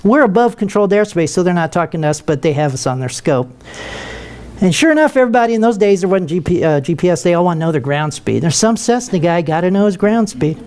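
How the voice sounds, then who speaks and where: A man's voice: sits high, quick pace. An older man, a retired military pilot, telling a humorous story to an audience and acting out voices. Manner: lively, humorous, acts out voices.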